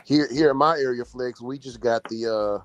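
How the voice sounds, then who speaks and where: A man with an ordinary middle pitch speaks casually, halting and restarting as he searches for words. Faint music plays under his voice. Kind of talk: casual chat.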